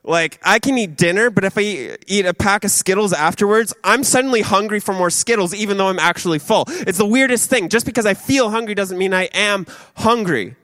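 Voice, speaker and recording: A man's voice: sits high, fairly quick, few pauses, fairly bright tone, no echo. A young man preaching a sermon, dramatic, acting out voices and dropping to a near whisper.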